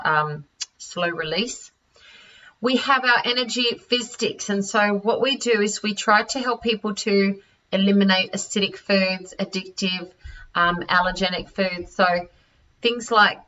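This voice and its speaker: An Australian woman presenting health products over a call, halting with many fillers and restarts. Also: medium pitch, pushed and bright. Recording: distant, dull-sounding audio.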